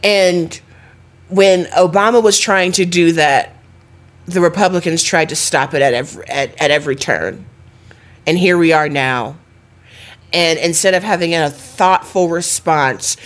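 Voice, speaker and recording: A young woman co-hosting a casual chat podcast, animated, laughing often and swearing casually. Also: fairly low pitch. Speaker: podcast co-host.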